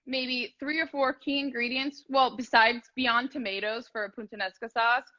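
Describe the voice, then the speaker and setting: A woman's voice: on the high side, fairly even intonation, moderate pace, sharp tone, dull audio. A woman chatting casually as a guest cook, rambling with lots of fillers, over a video call. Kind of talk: casual cooking chat.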